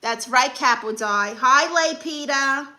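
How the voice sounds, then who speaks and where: A woman's voice: sits high, takes it slowly, sharp tone. A young woman comedian hosting a live stream, reading comments and handing out blunt, sassy advice.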